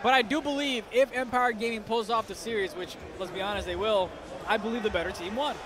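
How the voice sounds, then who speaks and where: A man's voice: high-pitched, fast. A man giving esports color commentary, chatty in his analysis and teasing in banter. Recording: game sounds and noise behind.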